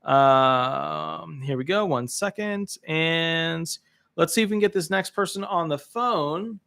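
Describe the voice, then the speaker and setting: A man's voice: on the high side, slow pace, gravelly, a bit bright. A man hosting a live call-in legal advice show, chatty and upbeat, with lots of fillers.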